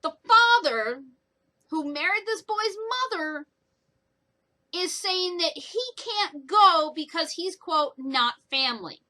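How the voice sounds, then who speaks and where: A young woman casually retelling a book's plot in a chatty, animated way for her vlog. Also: very high voice, slow, poor audio. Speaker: book reviewer. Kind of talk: casual book review vlog.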